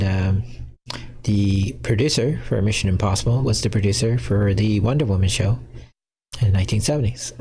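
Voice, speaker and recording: Man, low pitch, gravelly, casual livestream host, rambling, chuckling. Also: a little mellow. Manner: rambling, many fillers, chuckles often. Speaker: fan fiction writer hosting a livestream.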